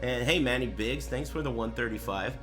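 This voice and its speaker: A man's voice: mid-range voice, brisk, music in the background. A man streaming live, chatting casually with crude, joking, rambling banter. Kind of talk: casual livestream chat.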